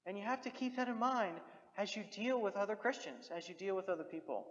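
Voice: mid-range voice, quick pace. Preacher in a reverberant hall. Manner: direct, exhorting, repeats key phrases. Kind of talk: sermon. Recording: dull recording with long hall reverb.

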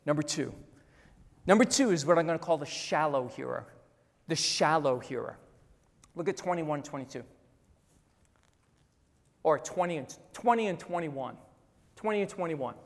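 A pastor in their fifties preaching a sermon emphatically, repeating phrases and dropping to a hush on key words. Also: mid-range voice, lively intonation, moderate pace, gravelly, pauses often. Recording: long hall reverb.

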